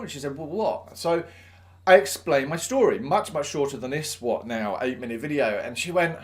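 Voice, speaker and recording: A man's voice: medium pitch, brisk. A man, a teacher and video host, telling a story in a chatty, self-deprecating way and acting out the dialogue. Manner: animated, acts out dialogue in quotes. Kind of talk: casual storytelling to camera.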